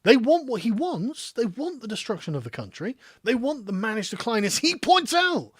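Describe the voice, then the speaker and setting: Middle-aged English streamer, high lively voice, dry close sound; sarcastic, swearing political rant. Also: male voice, moderate pace, slightly rough, dry recording. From England. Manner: profane, sarcastic, exasperated, laughs mid-sentence. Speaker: political commentary host.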